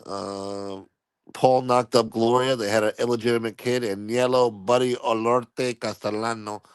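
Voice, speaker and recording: A man's voice: medium pitch, fairly even intonation, moderate pace, clear, resonant tone, dry recording. A man hosting a channel, telling stories in a laid-back, rambling, crude way. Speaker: channel host. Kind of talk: casual storytelling commentary.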